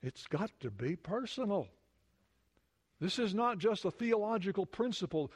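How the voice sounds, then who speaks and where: Guy preaching in church, voice on the high side, asks the crowd stuff, goes real soft on key words. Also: very animated, moderate pace, slightly rough. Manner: questions to the congregation, drops to soft intimate emphasis. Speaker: pastor. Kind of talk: sermon.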